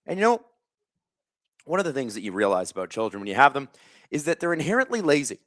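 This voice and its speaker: A man's voice: mid-range voice, big pitch swings, fast, fairly bright tone, no echo, studio quality. A man in his thirties hosting a live hockey watch stream, telling stories in a rambling way with lots of fillers and restarts. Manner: talks while snacking. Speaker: stream host. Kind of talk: casual live-stream chat.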